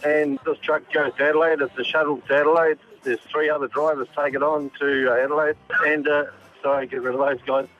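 A man's voice: a little high, level tone, a little fast, few pauses, highs cut off. A man in his sixties from New Zealand, with a Kiwi accent, a truck driver calling a radio show, hesitant and full of fillers. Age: 60s. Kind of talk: phone-in call.

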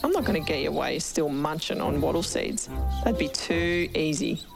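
A woman's voice: deep voice, animated, moderate pace, gravelly. A woman with an Australian accent reading the lines of a cheeky, bold young girl in a storybook, in a teasing, cocky manner. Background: background music.

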